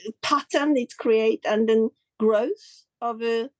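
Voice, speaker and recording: A woman's voice: slow pace, no echo. A woman artist in a casual interview, searching for her words with many restarts and voice jumps when she tells stories. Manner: lively pitch jumps when telling stories. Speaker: artist guest.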